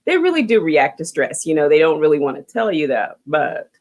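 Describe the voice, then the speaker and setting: Low-voiced woman hosting a talk show. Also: very animated, fairly quick. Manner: conversational, empathetic, emphatic asides. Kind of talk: casual interview chat.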